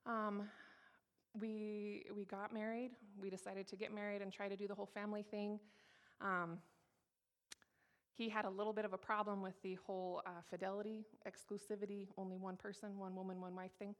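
A woman's voice: medium pitch, level tone, moderate pace. A woman in her thirties from Colorado, giving a candid, emphatic personal testimony to an audience and repeating her key phrases. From Colorado, USA. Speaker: speaker sharing her testimony.

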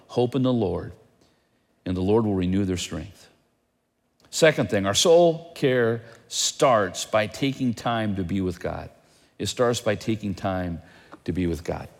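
A male pastor preaching a sermon in an animated way, asking his listeners question after question. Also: on the low side, measured pace, in a large hall.

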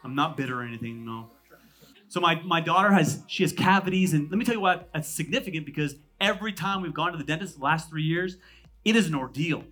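Preaching with a fairly high-pitched voice, a man in his thirties who pastors in California shifts from loud, emphatic statements to hushed asides. Quick, conversational humor runs throughout the sermon.

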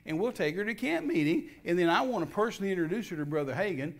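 This older guest minister from Texas talks fast in a voice that sits high, folksily recounting his testimony. He acts out the quoted dialogue with energy and restarts repeatedly.

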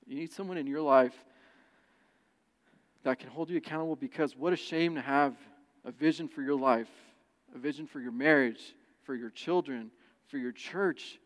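A man preaching a sermon who tells personal stories in an animated way and acts out the quoted voices. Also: fairly high pitch. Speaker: pastor. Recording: long church reverb.

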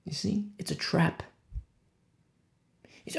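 A man preaching a sermon as pastor, swinging between low, hushed lines and sharp, high exclamations. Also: animated, moderate pace, pauses often.

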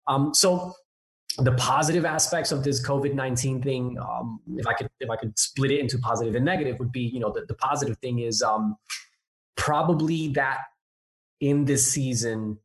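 A man's voice: medium pitch, moderate pace. Upbeat chatty American pastor man. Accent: American, mixed New Jersey. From Newark, New Jersey. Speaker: pastor, podcast guest. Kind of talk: casual podcast interview.

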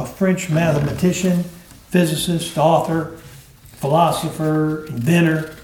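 A man's voice: fairly high pitch, a little mellow, reverberant, slight background noise. Earnest man teaching a Bible class. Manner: earnest teaching with slow, emphatic phrasing. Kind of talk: Bible lesson.

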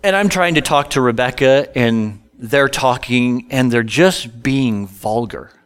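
A man's voice: medium pitch, a little slow, clean tone. A middle-aged male pastor telling a humorous personal story in a sermon, self-deprecating and conversational.

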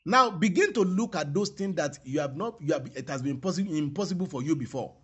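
A man preaching a sermon, repeating his phrases and stressing them slowly. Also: on the high side, expressive, a bit bright, husky, lo-fi sound.

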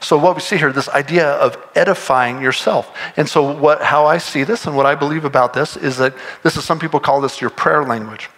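A man preaching a sermon as pastor, in a conversational, animated way, acting out imagined voices. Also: on the high side, fairly quick, few pauses.

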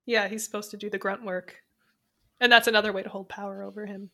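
Bright-voiced thoughtful woman. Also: medium pitch, little pitch movement, fast, gravelly. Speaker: podcast co-host. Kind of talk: casual chat.

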